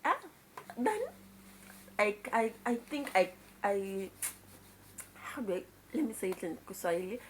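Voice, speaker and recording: A woman's voice: medium pitch, animated, a little slow, pauses often, a little hiss or hum. A young Kenyan woman with a Kenyan accent telling a childhood story to her viewers in a casual, confiding way, dropping in Swahili words and frequent exclamations. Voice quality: mixes in Swahili words and exclaims "kai" often. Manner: confiding, chatty retelling to viewers. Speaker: vlogger.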